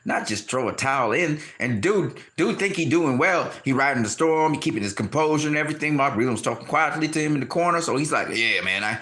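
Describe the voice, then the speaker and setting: A man giving a casual, animated boxing opinion rant, often laughing and acting out quotes in high shouted voices. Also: fast, few pauses. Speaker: boxing commentator.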